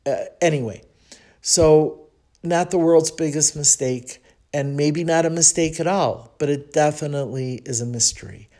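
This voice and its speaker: A woman from Chicago with a Chicago accent, hosting a podcast and telling a personal story in a chatty, reflective way, thinking aloud with frequent pauses. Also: sits low, warm tone. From Chicago, United States. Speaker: podcast host.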